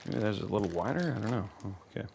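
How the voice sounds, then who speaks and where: A man's voice: fairly low pitch, expressive, very fast, creaky, a little mellow, a little hiss or hum. A man hosting a PC-building livestream, thinking aloud as he works, trailing off and restarting his sentences and reading out viewer messages. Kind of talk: casual livestream chat while building a PC.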